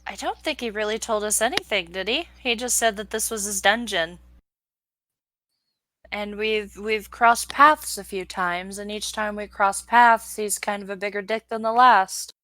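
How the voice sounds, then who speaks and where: A woman's voice: mid-range voice, a little slow, sharp tone, dry recording, poor audio. A woman playing a tabletop game, talking in a casual, wry, blunt way. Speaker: player.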